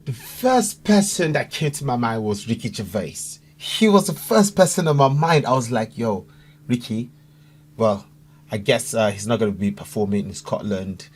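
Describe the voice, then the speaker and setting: A man's voice: mid-range voice, animated, normal speed, hardly any pauses, darkish tone, breathy edge. A man from Africa hosting a casual reaction video, talking in an earnest, chatty way that repeats itself with fillers. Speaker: YouTube reaction host.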